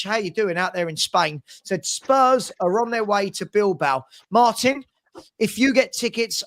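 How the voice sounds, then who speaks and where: A chatty man hosts a casual live stream and reads viewers' messages aloud. His voice sits fairly high for a man. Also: a bit bright. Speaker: livestream host. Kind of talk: casual live watchalong chat.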